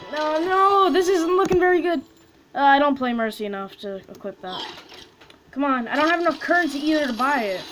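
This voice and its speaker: A woman with a high, lively voice talks casually while opening loot boxes in a game. She gets excitable, chanting names and squealing at what she gets. A faint hiss sits under the recording. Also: brisk. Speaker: gaming video host.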